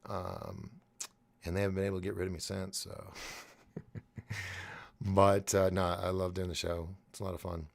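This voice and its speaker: Gravelly low-voiced man live-streaming. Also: completely flat delivery, normal speed, pauses often. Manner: rambling, restarts, thinks aloud. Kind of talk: casual live-stream chat reading comments.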